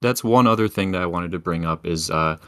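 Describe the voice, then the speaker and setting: Podcast guy, very low voice, dry close sound, easygoing movie talk. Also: fairly quick, dry recording. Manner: relaxed, hedging with fillers, chuckles while talking. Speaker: podcast co-host or guest. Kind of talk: casual film discussion.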